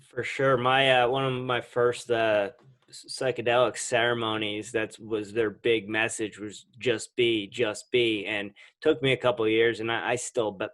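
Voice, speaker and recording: A man from New Jersey hosting a podcast, asking questions in a relaxed, conversational way with halting restarts. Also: medium pitch. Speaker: podcast host. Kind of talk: casual interview chat.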